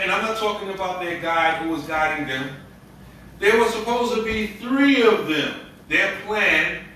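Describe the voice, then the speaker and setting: Imam preaching in an echoey hall. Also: male voice, sits high, sharp tone, distant mic, a little hiss or hum. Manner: storytelling, conversational with street slang. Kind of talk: Ramadan sermon.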